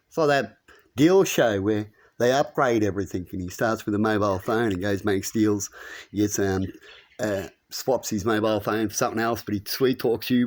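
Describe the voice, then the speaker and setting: A man giving a rambling, preachy spiritual monologue, his voice climbing when he makes a point. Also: brisk. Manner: animated, preachy, rises in pitch when making points. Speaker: spiritual commentator.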